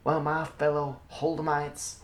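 A man's voice: a little high, completely flat delivery, unhurried, pitched above the performer's own voice, natural voice. A man voicing a newly elected female mayor making a grand, speechifying address in a tabletop game. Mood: ceremonious.

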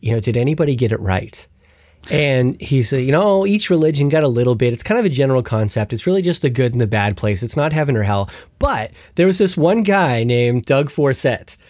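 A man's voice: mid-range voice, a little mellow, no echo. A man hosting a podcast, chatting casually and animatedly about a TV show and laughing as he retells scenes. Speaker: podcast host.

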